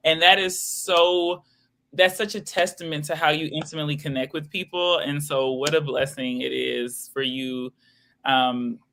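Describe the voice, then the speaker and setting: A woman's voice: low-pitched, fairly even intonation, normal speed, fairly bright tone. A woman from Houston, Texas, a guest violinist chatting in an interview, effusive and emphatic, repeating phrases like a preacher. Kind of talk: casual interview chat.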